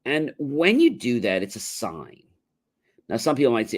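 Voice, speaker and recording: A man's voice: mid-range voice, wildly swooping pitch, normal speed. Middle-aged guy doing a chatty motivational livestream, plays out little phone calls between friends. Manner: conversational, acts out both sides of imagined phone calls. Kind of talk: casual spoken advice monologue.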